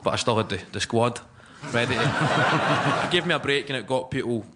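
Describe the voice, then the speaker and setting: Chatty Scottish comedian, noisy recording. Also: male voice, mid-range voice, moderate pace. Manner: chatty, joking, laughs often. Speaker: stand-up comedian guest. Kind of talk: casual interview chat.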